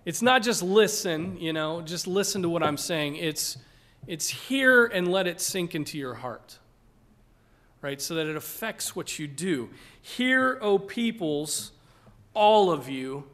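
A man's voice: a little high, animated, measured pace, sharp tone. A man preaching an expository sermon as a pastor. He talks earnestly and with emphasis, often checking in with "right?" and repeating words as he builds a point.

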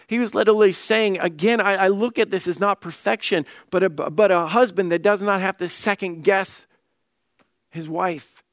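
A man's voice: high-pitched, no room sound, clean studio sound. A middle-aged man preaching a sermon as pastor, earnest, often repeating words as he restarts.

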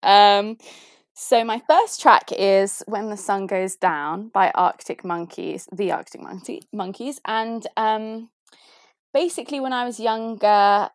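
A young woman from the south of England with a posh accent, chatting casually and cheerfully about her favourite songs, lively and quick to laugh. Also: medium pitch, clean tone, no room sound. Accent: posh southern English. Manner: chirpy, lively, laughs often. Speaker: guest sharing favourite songs. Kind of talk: casual chat.

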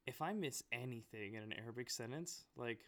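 A man with a bright, smooth voice talks casually with friends. He tells stories with animation and breaks into laughter often. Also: medium pitch, brisk. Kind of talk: casual chat.

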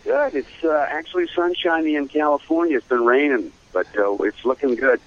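An older man, a voice actor, telling career stories in a casual interview, animated and slipping into voices. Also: fairly high pitch, brisk, highs cut off. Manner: animated storyteller who slips into voices. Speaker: voice actor guest.

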